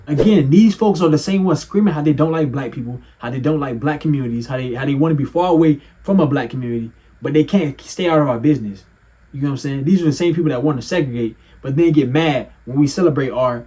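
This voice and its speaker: A man giving heated reaction commentary with a mocking, animated manner, swearing and laughing often. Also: a little high, husky.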